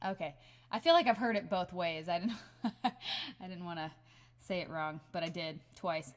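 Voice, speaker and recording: A woman's voice: lowish voice, moderate pace. A woman hosting her band's livestream from home, chatting casually with lots of laughs and fillers, recorded on a webcam. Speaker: band member hosting a livestream.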